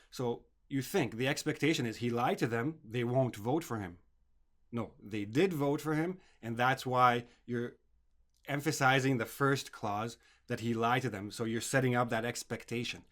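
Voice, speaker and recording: A man's voice: mid-range voice, a bit bright. A man teaching an English writing lesson, explaining grammar step by step and often checking in with "okay?".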